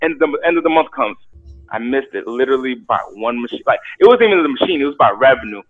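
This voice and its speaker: Animated young man on a tinny line. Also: mid-range voice, quick pace, faint music behind. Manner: animated, acts out quotes, repeats words. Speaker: guest telling his story. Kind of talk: casual storytelling on a podcast. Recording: tinny phone-like sound.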